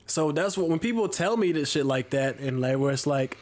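A man's voice: fairly high pitch, expressive, fairly quick, darkish tone. Man with a sore throat co-hosting a podcast. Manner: laughs often, profane banter. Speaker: podcast co-host. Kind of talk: casual chat.

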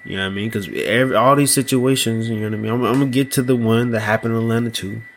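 A man hosting a solo podcast, talking slowly and loosely, often asking "you know what I mean". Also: medium pitch, steady tone, slight background noise. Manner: slow, thoughtful delivery with small laughs. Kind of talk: casual solo podcast monologue.

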